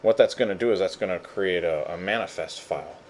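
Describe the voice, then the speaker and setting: A man running a casual screen-share software tutorial, goofy and rambling with lots of fillers. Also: deep voice, fairly quick, slight background noise. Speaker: instructor.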